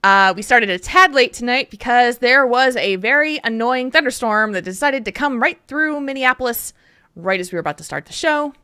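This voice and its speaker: Woman podcast host, open and chatty, laughs a lot, bright voice, dry close sound. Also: fairly high pitch, lively intonation, normal speed, clear, resonant tone, no echo. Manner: open and candid, laughing often. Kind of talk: casual podcast chat.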